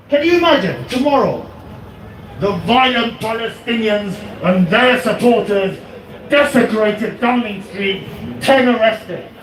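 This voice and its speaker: A man from the United Kingdom speaking at an outdoor street rally, rousing the crowd with an impassioned speech and leading chants through a handheld mic. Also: sits high. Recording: echoey street, from a distance, loud crowd.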